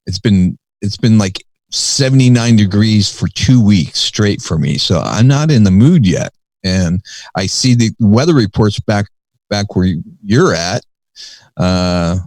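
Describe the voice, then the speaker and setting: A man with a low voice hosts a laid-back podcast. He rambles, gets excitable, and drops casual swears. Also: no room sound. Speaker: podcast host. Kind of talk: casual chat.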